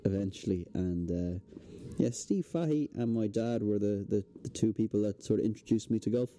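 Low, dark-voiced Irish man telling stories. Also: normal speed. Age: young adult. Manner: relaxed storytelling with fillers. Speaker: podcast guest. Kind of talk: casual chat. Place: indoors, hotel podcast setting.

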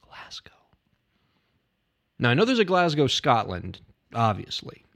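Playful, lively male podcast co-host. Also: medium pitch, normal speed. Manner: playful, laughs easily, humors his partner. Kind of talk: comedic banter.

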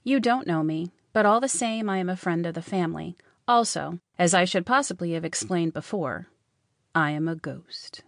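A woman reading aloud and voicing a calm, teasing young man who claims to be a ghost. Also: lowish voice, a little fast, few pauses, dry recording, clean studio sound.

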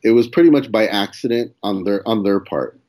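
A man's voice: fairly low pitch, fairly quick, warm tone. A young man, a comedian guest, telling a story in casual chat, swearing and acting out quoted lines. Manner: laid-back, swears, acts out quoted dialogue with laughs.

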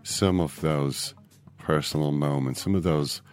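An Irish man hosting a sports podcast, talking in a mock-solemn, deadpan way. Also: extremely low pitch, measured pace, clean tone, faint music behind. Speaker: podcast host. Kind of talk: deadpan mock-serious chat.

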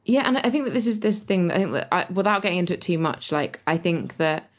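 A woman's voice: fairly low pitch, animated, fast talker. A woman co-hosting a podcast, chatting casually and frankly, with plenty of "like" and "um" fillers and the odd swear word. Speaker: podcast co-host and climate activist. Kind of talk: casual chat.

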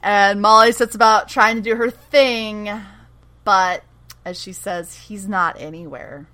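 A woman with a bright, forceful voice chats casually as a podcast co-host. She recaps a show with animated retellings and quoted dialogue, laughing often. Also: mid-range voice, takes it slowly, clean tone. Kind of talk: casual chat.

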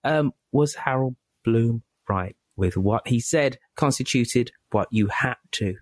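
A British man hosting a podcast, wrapping up an interview in a chatty, halting way with lots of fillers and repeated words. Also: mid-range voice, no room sound. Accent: British English. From England. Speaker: podcast host. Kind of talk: casual interview wrap-up.

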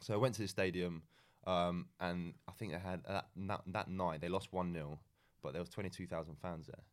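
A young man with a very low voice tells his story as a podcast guest. He rambles along in a relaxed, chatty way, full of ums and false starts. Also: moderate pace. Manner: rambling, frequent ums and restarts, laid-back. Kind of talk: casual storytelling chat.

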